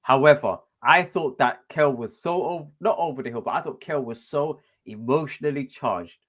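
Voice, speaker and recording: Rambling man, mid-pitched. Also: normal speed, fairly bright tone. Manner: hesitant, rambling, with restarts. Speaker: podcast co-host. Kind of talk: casual chat.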